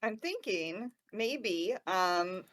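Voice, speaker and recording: A woman's voice: mid-range voice, expressive, extremely slow, a bit bright. A woman presenting gameplay on a livestream, talking through what she does in a casual, upbeat way.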